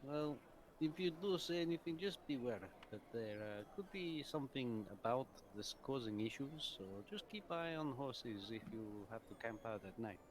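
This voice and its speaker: Male player, mid pitch, slight background noise, hesitant delivery. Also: expressive, normal speed. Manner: hesitant, filler-heavy. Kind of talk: in-character game talk.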